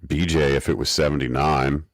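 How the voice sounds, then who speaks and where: Very deep-voiced man, wry podcast co-host. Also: level tone, a little fast. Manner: wry, mock-academic rants. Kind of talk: casual chat recapping an episode.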